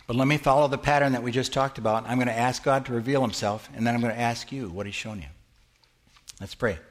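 A man's voice: mid-range voice, fairly even intonation, fast talker. Middle-aged male pastor, conversational sermon, asks the congregation questions, church hall. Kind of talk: interactive sermon teaching.

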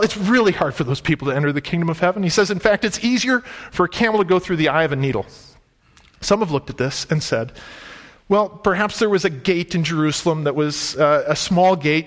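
A man preaching a sermon, retelling scripture in casual everyday words, with an emphatic, conversational delivery. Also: a little high. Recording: reverberant hall.

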